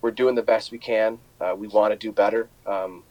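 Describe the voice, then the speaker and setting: A man hosting a sports podcast, talking off the cuff with lots of halting restarts and fillers. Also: on the low side, steady tone, darkish tone, no echo, dull audio. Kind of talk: unscripted commentary.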